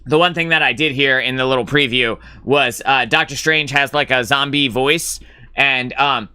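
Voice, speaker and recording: A man's voice: medium pitch, normal speed, sharp tone, clean tone. A man hosting a live gaming stream, talking casually in a rambling, filler-heavy way, blunt and sometimes profane as he answers chat.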